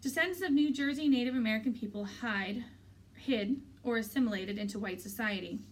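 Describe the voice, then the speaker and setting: A woman voicing a schoolboy reading a textbook aloud in a plain, slightly halting way, a little off-mic. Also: on the high side, far from the mic, close to an everyday voice.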